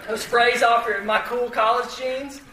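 Man, high-pitched, self-deprecating storyteller, echoey room with faint noise. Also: level tone, measured pace, sharp tone, distant mic. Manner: self-deprecating, chatty, lots of fillers and restarts. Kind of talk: humorous personal story told to an audience.

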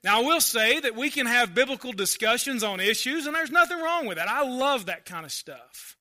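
A male pastor preaching a conversational sermon, swinging between loud emphasis and quiet asides. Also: very high-pitched, animated, normal speed.

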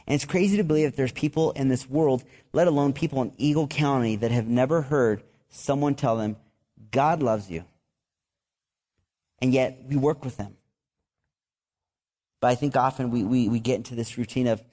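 A man preaches in an everyday, mid-range voice with nothing about it that stands out. He talks to the congregation like a friend, restarting and repeating words, and he gets animated when he tells a story. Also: mid-range voice, normal speed, long pauses. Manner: animated storytelling with excited outbursts. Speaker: pastor. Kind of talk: sermon.

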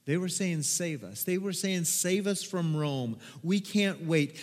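A man preaching a sermon as a pastor, animated and dramatic, acting out excited crowd voices with loud whoops. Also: sits high, measured pace. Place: church sanctuary. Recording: long hall reverb.

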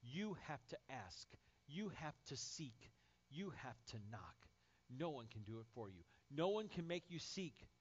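A man's voice: mid-range voice, very animated, measured pace, husky, highs cut off. A man preaching a sermon as pastor, emphatic and building through repeated phrases.

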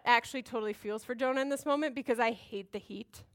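A woman's voice: fairly high pitch, fast talker. A woman giving a casual, chatty Bible teaching, drifting into side notes and jokes about herself. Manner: chatty, digressive, self-deprecating.

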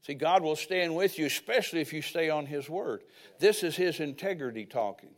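Older guy preaching, chatty and folksy, voice sits a bit high. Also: fairly quick. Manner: folksy storytelling preacher with asides. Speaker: pastor. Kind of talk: sermon.

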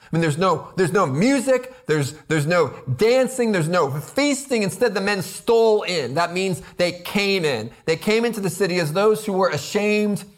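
Preaching an expository sermon, a high-pitched male pastor speaks at normal speed with lively intonation. He is earnest and builds toward emphatic rhetorical questions, repeating words to press his points.

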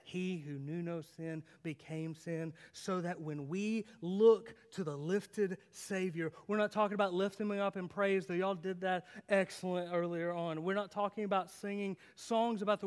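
A male pastor delivers a sermon in a notably high voice. He swings between loud, emphatic declarations and quiet, intimate asides, often questioning his listeners. A long reverb trails his words in the church. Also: steady tone, moderate pace, hardly any pauses, smooth. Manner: dramatic, rising and falling intensity, rhetorical questions.

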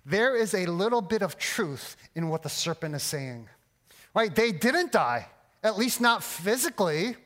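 A man's voice: high-pitched, sing-song, a little slow, a bit bright. A man preaching a sermon as pastor, earnest and emphatic, often restarting his words.

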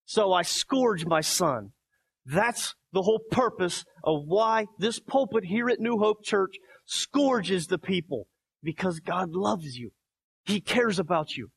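Emphatic male pastor, 30s, high and gravelly, preaching a sermon. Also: lively intonation, slow pace. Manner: preachy, emphatic, swings between soft quotes and loud barking.

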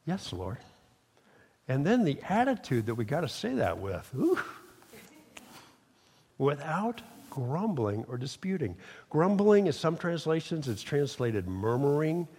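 Middle-aged guy preaching, kinda high voice, calls out for the crowd to answer, big echoey church. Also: very animated, unhurried, darkish tone, breathy edge. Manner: emphatic call-and-response preaching. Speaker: pastor. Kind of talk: sermon. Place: church sanctuary. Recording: long reverb of a hall.

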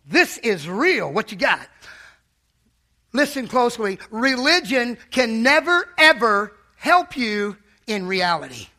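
A man's voice: very high voice, very animated, slow, bright, forceful tone. A man preaching a fervent sermon in a church, calling out to the congregation.

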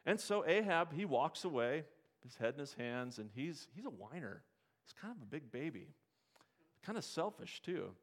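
A man preaching a sermon in a church, retelling scripture stories with lively asides and questions to his congregation. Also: a little high, normal speed. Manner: storytelling preacher, asks the congregation questions, acts out the story's characters. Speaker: pastor.

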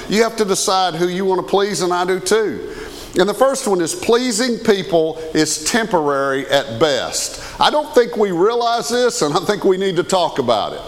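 Animated preacher in a reverberant hall. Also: male voice, sits high. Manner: animated, conversational preaching with questions to the congregation. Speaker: pastor. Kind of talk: sermon.

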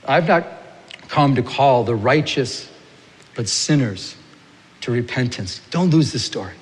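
A man preaching a sermon as pastor, telling everyday stories in an animated way and acting out little scenes. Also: medium pitch, unhurried, pauses often, big-room sound.

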